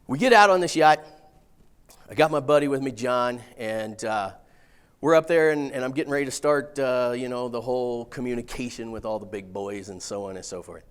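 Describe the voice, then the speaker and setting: A man's voice: mid-range voice, a little fast, clear, resonant tone. Folksy man telling stories. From Missouri. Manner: folksy, animated, casual swearing. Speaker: speaker. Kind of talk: storytelling keynote talk.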